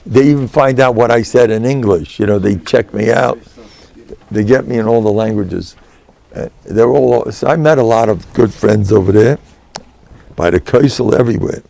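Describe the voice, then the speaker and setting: Older man, rabbi-lecturer; dark, gravelly voice; animated anecdotal delivery. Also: fairly low pitch, normal speed. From United States. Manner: chatty, animated, peppered with Yiddish and Hebrew words. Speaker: rabbi giving a class.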